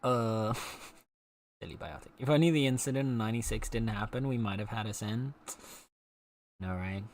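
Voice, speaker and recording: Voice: mid-range voice, fairly quick, a little mellow. A game streamer chatting casually with viewers while playing, playful and teasing. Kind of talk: casual live-stream chat while gaming.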